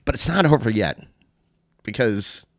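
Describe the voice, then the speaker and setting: A man's voice: mid-range voice, animated, unhurried, dry recording, studio quality. A man hosting a podcast, casually retelling a story in a rambling way full of fillers and laughs. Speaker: podcast host.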